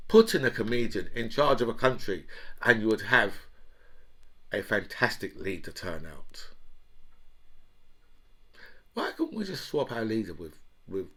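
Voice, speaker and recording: A man's voice: on the low side, very animated, moderate pace, a bit bright, breathy edge. A middle-aged man, ranting sarcastically about politics in casual talk, with mocking laughing asides. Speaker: political commentary host.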